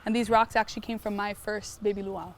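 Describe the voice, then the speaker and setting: Outdoors on her farm, a young pig farmer from Hawaii leads a tour, telling stories casually at a quick pace in a medium-pitched voice. She's animated, says "like" a lot, and acts out sounds.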